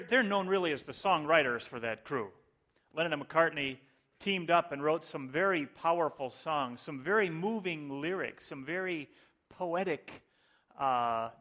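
Pastor guy preaching, kinda high voice, chatty and jokey. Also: a bit bright. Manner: conversational with joking asides. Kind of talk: sermon.

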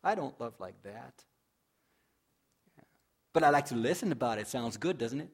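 A male pastor giving a sermon in a conversational way, asking the congregation questions, joking, and reading scripture dramatically, swelling loud and dropping soft. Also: mid-range voice, lively intonation, normal speed, husky. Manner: conversational preaching with rhetorical questions and humor.

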